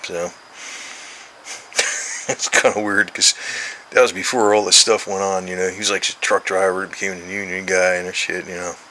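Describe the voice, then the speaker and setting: A man's voice: low voice, flat delivery, normal speed, bright, forceful tone, a little hiss or hum, rough recording. A man in his sixties rambling casually and cursing freely while coaxing his cat outdoors. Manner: meandering, profane, coaxing talk to the cat. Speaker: vlogger, cat owner.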